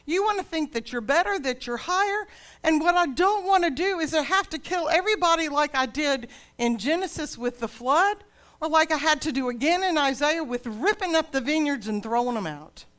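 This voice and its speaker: A woman's voice: high-pitched, expressive, moderate pace, fairly bright tone, pitched above the performer's own voice. A woman preaching in the voice of God as a loving heavenly father who pleads earnestly with his people. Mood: indignant. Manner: impassioned, imploring.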